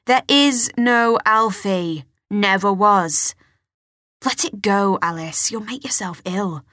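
A woman voicing a tired, evasive father in his forties, who speaks low and dismissively. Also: moderate pace, breathy edge, no echo, clean studio sound. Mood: exasperated. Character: weary middle-aged father, evasive and curt.

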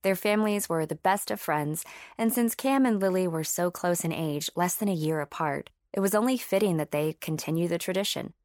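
A woman's voice: fairly low pitch, brisk, a little mellow, no room sound. Woman narrating an audiobook, dry. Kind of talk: scripted narration.

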